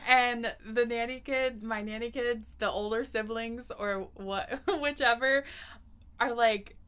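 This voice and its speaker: Slow-spoken woman in thoughtful chat. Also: a little high, steady tone, a bit bright. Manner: thoughtful, unhurried, laughs easily. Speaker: podcast co-host, nanny. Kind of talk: casual chat.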